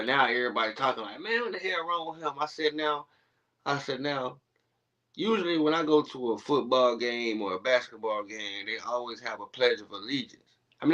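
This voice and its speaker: A man telling stories in casual podcast chat, animated and laughing, acting out what he and others said. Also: medium pitch, highs cut off. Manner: animated, laughing storyteller, acts out his own quotes. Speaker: guest.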